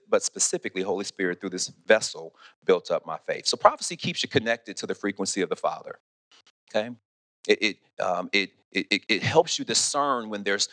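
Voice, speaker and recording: A man preaching a sermon as pastor, animated, often restarting and asking "okay?". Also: on the low side, no room sound, clean studio sound. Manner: animated, repeats words, asks "okay?" often.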